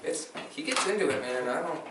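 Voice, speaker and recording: A man's voice: on the high side, brisk. A teenage boy chatting about his baseball team, laughing as he tells stories. He sits away from the mic in an echoey room, with a faint hiss behind him. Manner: laughing, animated storytelling. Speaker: high school baseball player. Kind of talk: casual joking interview. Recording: echoey room, distant mic, light noise.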